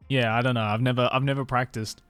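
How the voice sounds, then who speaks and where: A man's voice: medium pitch, a bit bright, no room sound. A young man with a mild Australian accent, chatting casually with his stream viewers, laughing often and swearing freely. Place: home stream room in Tokyo.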